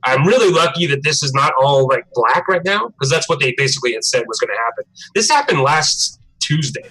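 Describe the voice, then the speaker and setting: A young man chatting casually on a live stream, telling a profane, animated story. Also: a little high, a little fast, breathy edge, poor audio. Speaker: livestream co-host.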